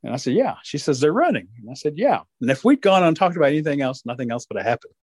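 A man's voice: medium pitch, animated, very fast, no room sound. A man, telling folksy stories in casual conversation. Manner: folksy, with playful animal voices. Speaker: storyteller. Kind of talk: casual storytelling.

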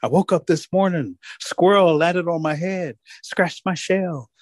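A man voicing a puzzled turtle who speaks in a drawn-out, bewildered way. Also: fairly high pitch, no echo, studio quality, pitched above the performer's own voice. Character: slow, puzzled old turtle.

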